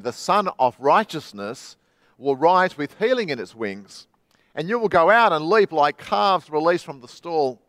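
An Australian pastor preaching in church, his voice sitting a little higher than most men's. He reads dramatically, swinging between loud and hushed, quick and slow. The sound is dry and close. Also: no echo. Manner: dramatic reading with wide swings in loudness and pace. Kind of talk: sermon.

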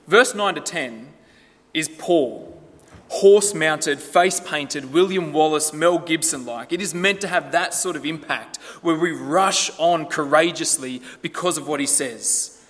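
A man's voice: fairly high pitch, measured pace, a bit bright. A man preaching a sermon in a conversational way, asking the listeners rhetorical questions. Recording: long hall reverb.

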